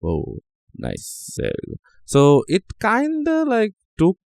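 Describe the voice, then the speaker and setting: A man's voice: high-pitched, wildly swooping pitch, slow, creaky, a little mellow, dry recording, studio quality. A man hosting a tech channel, talking casually over a screen recording, joking and reacting aloud to what he sees.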